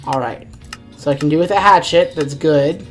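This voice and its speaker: Faint music plays behind a woman streaming a game live. Her voice sits low and her pace is brisk as she rambles, thinks out loud, and frequently gets exasperated with the game.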